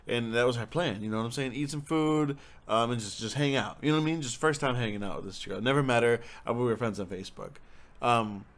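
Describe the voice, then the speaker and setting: A young man telling a rambling, profanity-filled story in a casual, animated way. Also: medium pitch, fast talker. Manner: rambling, swears a lot, animated. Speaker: storyteller guest.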